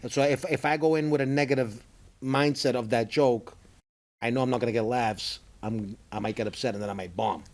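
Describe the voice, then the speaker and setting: A man's voice: medium pitch, fairly even intonation, a little fast. A man, a stand-up comedian chatting eagerly in an interview and jumping into his partner's stories. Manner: chatty, eager, talks over others. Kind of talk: casual interview chat.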